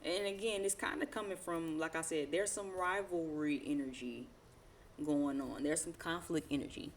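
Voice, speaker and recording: Low-voiced slangy woman tarot reader. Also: fairly even intonation, moderate pace, a little hiss or hum. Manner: slangy, profane, laughs often, rambling. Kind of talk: casual tarot reading.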